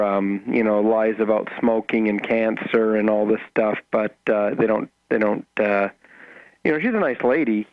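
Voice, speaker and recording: A man who is a guest on a radio talk show, chatting casually in a rambling, halting way with many restarts. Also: medium pitch, gravelly, no room sound, highs cut off. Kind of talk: casual chat.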